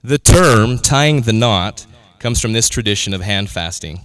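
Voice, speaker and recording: A man with a fairly low voice officiates a wedding ceremony, speaking in a measured, formal and solemn way. His voice is smooth and resonant, and the recording is dry and close. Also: animated, a bit bright, no echo.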